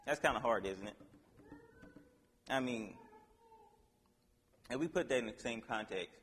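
A man giving an informal sermon, reading a Bible passage aloud and explaining it in a casual, halting way with restarts. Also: mid-range voice, fairly bright tone, big-room sound, slight background noise. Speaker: preacher.

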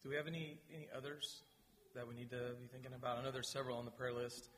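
A man leading his church in announcements and a spoken prayer, gentle and pausing, with repeated words. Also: medium pitch, level tone, slight background noise. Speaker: pastor. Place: church sanctuary. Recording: long reverb of a large hall.

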